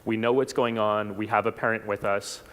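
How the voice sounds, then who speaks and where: A man from South Texas giving a reflective personal talk at a church forum, unhurried, with small restarts. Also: fairly low pitch, little pitch movement, a bit bright, smooth. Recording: long hall reverb.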